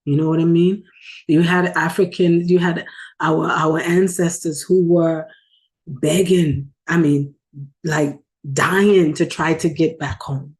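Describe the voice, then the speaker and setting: A woman's voice: low voice, steady tone, takes it slowly, a little mellow. A woman talking earnestly and emotionally in a casual vlog recorded in her car. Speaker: video host.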